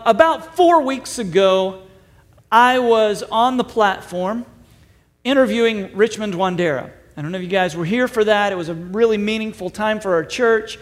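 A man with a high, bright voice delivers a chatty, upbeat sermon to his congregation. His voice rings in the long reverb of a church auditorium. He slips in self-deprecating jokes. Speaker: pastor.

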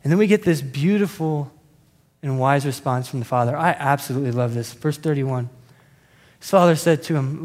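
A man, a pastor, preaching a sermon in a conversational, animated storytelling manner. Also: medium pitch, normal speed, in a large hall.

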